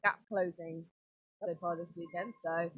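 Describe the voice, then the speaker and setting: A woman's voice: on the low side, steady tone, a little slow, husky, narrow, tinny audio. A woman with a Geordie accent from Newcastle, giving chatty, playful roller derby commentary. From Newcastle, England. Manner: chatty and playful, laughs often. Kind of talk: live sports commentary.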